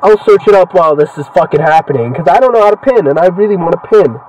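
A young man talks through a video game, loose and excitable, trading cheers for heckles. His voice sits high and leaps all over the place. He sounds a little away from the microphone. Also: fast talker, recorded from a distance, muffled recording. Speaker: gaming channel host. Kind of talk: casual gameplay commentary.

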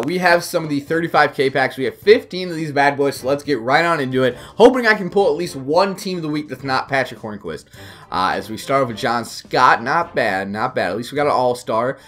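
A young man rambling excitedly through a video game pack opening, full of fillers. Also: mid-range voice. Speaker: gaming YouTuber.

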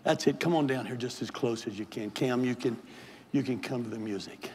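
Impassioned older preacher in a big church. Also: male voice, mid-range voice, brisk, a little mellow, a little hiss or hum. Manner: impassioned, pleading preacher who builds to hollering. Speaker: bishop, preaching pastor. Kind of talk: live Pentecostal sermon and altar call. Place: large church sanctuary with a balcony and altar. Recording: long hall reverb in a big church.

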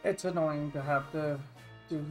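A man's voice: fairly high pitch, steady tone, measured pace, faint music behind. A man streaming a video game, muttering casual, rambling asides. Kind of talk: casual gameplay commentary.

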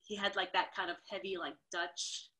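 A woman from New York, a dancer guesting on a podcast, telling a story in a casual, animated way. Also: on the low side, moderate pace. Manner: animated, acts out the people in her stories.

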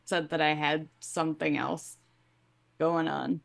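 Low, gravelly-voiced woman at a game table. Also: little pitch movement, slow, dry recording. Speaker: player. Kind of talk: playing a character in a tabletop game.

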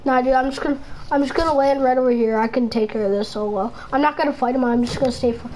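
High-voiced woman gamer berating a teammate. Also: fast talker, a little mellow, a little hiss or hum, rough recording. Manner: heated, scolding a teammate. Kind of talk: live gameplay commentary.

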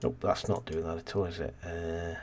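A man's voice: sits low, flat delivery, normal speed, darkish tone, slight background noise. A man casually commentating a city-building game as host, rambling and thinking aloud, tired and yawning. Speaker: let's play host.

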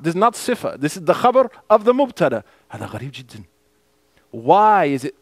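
A man teaching a lesson as imam, his voice sitting a touch high and swinging up and down with animation. He moves back and forth between English explanation and Arabic recitation. The sound is close and dry, with little room echo. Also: big pitch swings, quick pace. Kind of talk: mosque lesson on a hadith text. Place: mosque classroom.

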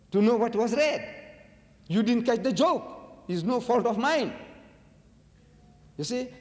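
Animated man lecturing in a hall. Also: on the high side. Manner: animated, rhetorical questions to the audience, swings from loud emphasis to quiet asides. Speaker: preacher. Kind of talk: religious lecture to an audience. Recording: long hall reverb.

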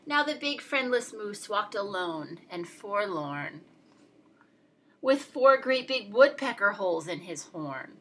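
A woman reading a children's picture book aloud, playful and expressive, talking to young listeners. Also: mid-range voice, slow pace, slight background noise, low-quality recording.

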